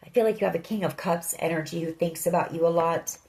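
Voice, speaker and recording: A woman's voice: on the low side, quick pace, darkish tone, low-quality recording. A woman giving a tarot reading, speaking earnestly and directly to the listener. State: emotional. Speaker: tarot reader.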